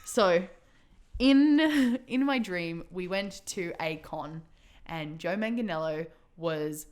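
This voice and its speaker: A woman co-hosting a casual tabletop gaming podcast, laughing often and telling stories with lively acted-out quotes. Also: fairly low pitch, slow pace. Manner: giggly, tells stories animatedly. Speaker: podcast co-host. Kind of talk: casual chat.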